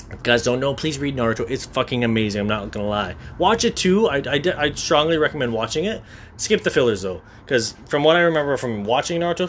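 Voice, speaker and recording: A man's voice: mid-range voice, fairly bright tone. Young man, vlogger, casual talk to viewers, rambling, swearing, stammering. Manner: rambling, profane, stammers and restarts often.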